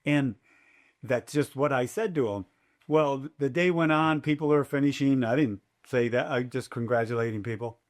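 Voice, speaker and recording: In a podcast interview, an older man, a race announcer, tells stories with an animated manner, voicing quotes loudly. His voice is medium in pitch, and he keeps a moderate pace.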